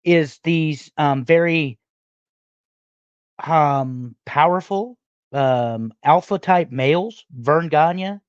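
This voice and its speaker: Man hosting a live stream, slightly high. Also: clear, resonant tone, dry recording. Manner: conversational, with frequent "um" pauses. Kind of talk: reading viewer questions on a live show. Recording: dull lo-fi mic.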